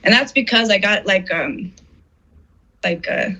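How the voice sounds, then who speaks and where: This interviewed artist, a middle-aged woman, speaks a little slowly in a medium-pitched voice with a sharp tone. She shares her personal story earnestly and emotionally, performing the lines of those she quotes, and the sound is somewhat dull and muffled.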